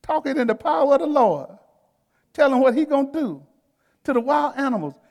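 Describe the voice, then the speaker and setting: A man's voice: extremely high pitch, big pitch swings, brisk, vocal fry, a little mellow, long reverb tail. A man preaching a sermon to his congregation in a folksy, conversational way, talking straight to the crowd and laughing between points. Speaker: pastor.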